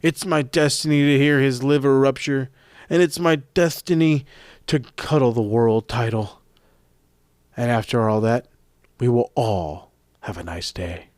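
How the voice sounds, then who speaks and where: A man's voice: medium pitch, steady tone, a little slow, a little mellow, dry recording, clean studio sound, lightly acted. A man mimicking a creepy, gloating wrestling manager. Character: ghoulish older male wrestling manager, creepy.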